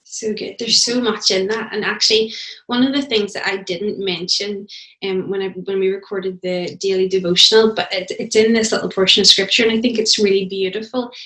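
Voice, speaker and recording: Gentle woman interviewer, echoey room. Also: mid-range voice, fairly even intonation, fairly quick. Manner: gentle, thoughtful questioning. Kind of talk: casual interview. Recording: roomy echo.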